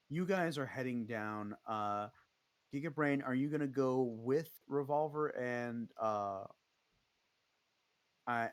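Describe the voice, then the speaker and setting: A man's voice: mid-range voice, clean tone, no room sound. Casual guy running a tabletop game, lots of ums, dry close sound. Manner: casual, many fillers. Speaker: game master.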